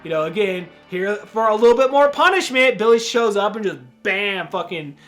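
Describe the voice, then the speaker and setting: A man hosting a podcast, casually recapping a horror movie in a rambling, profane way, full of "dude" and quick acted-out quotes. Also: high-pitched, lively intonation, fairly bright tone, soft background music. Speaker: podcast host reviewing a horror film.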